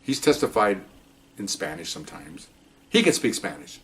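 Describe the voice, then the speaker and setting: A commanding older judge speaks in a low, subdued voice and cuts off argument with short, firm rulings. A man voices him while telling the story. His pitch drops below the teller's own voice. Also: big pitch swings, moderate pace, fairly bright tone, slight background noise. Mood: stern. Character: stern older male judge, dry and commanding.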